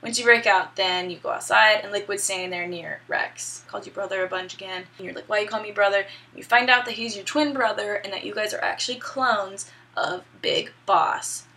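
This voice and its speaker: A woman's voice: medium pitch, moderate pace, few pauses, pushed and bright. A young woman casually recapping a video game story, chatty and upbeat with some swearing. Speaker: gaming video host.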